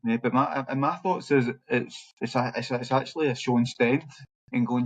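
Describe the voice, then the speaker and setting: A man's voice: medium pitch, fairly even intonation, normal speed, poor audio. A man hosting a podcast, chatting in a supportive, rambling way and laughing along with his guest. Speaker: podcast host. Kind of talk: casual chat.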